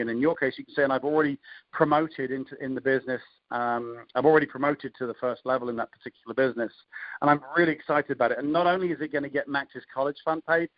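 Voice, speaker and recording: On a dry, lo-fi recording, an English network marketing coach with a mid-range voice walks through sales invitation scripts on a call. His manner is easygoing and chatty, peppered with ums and false starts.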